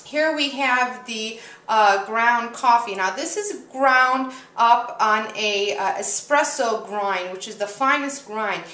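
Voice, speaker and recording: A young woman hosting a casual cooking demonstration, chatting in a relaxed way with lots of "uh" and "um" fillers. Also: a little high, slow, hardly any pauses, reverberant. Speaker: cooking show host.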